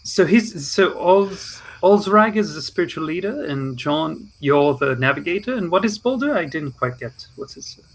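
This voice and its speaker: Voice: mid-range voice, animated, normal speed, few pauses, rough recording. A player chatting casually in a tabletop game, hesitant and full of fillers.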